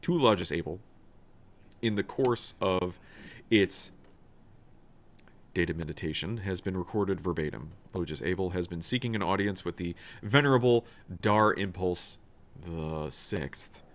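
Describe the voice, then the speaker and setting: Deep-voiced man streaming a game. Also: normal speed, a little hiss or hum. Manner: casual, swears, stumbles while reading. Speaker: streamer playing a role-playing video game. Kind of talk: casual gameplay livestream, reading game text aloud.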